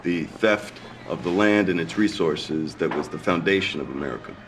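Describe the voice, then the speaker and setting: A man's voice: low-pitched, normal speed, far from the mic, a little hiss or hum, lightly acted. A man in a game role giving a scripted, earnest activist statement. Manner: earnest, urging. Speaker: protest video speaker.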